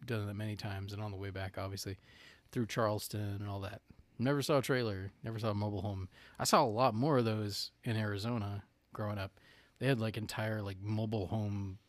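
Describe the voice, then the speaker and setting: Rambling, playful man, lowish dry voice. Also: steady tone, fairly quick, no echo. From North Carolina. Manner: rambling, full of "like" and "you know"; laughs easily, playful. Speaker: podcast co-host. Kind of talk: casual chat.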